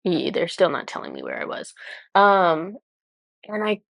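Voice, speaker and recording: A woman's voice: fairly low pitch, huge pitch swings, measured pace, vocal fry, a bit bright, no echo. This woman talks like a channeler explaining something she can barely put into words. She wanders, restarts and says "like" constantly in casual chat. The recording is dry and close. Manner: rambling, searching for words, many "like" fillers. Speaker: spiritual channeler.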